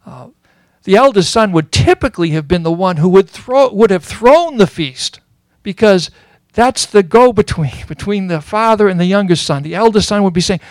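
A man giving a sermon as a Bible teacher, earnest and explanatory, pausing often with fillers. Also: sits high, animated, dry recording.

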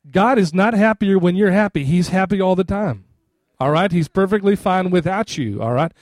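Animated man preaching a sermon. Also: sits high, dry recording. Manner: animated, conversational, acts out quoted voices.

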